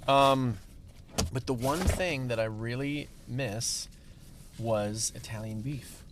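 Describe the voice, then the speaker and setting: A man's voice: mid-range voice, slow pace, a little hiss or hum. A middle-aged man with a Chicago accent, a musician guest chatting in a car with an easygoing manner and dry humor. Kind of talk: casual chat in a car over food. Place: parked car.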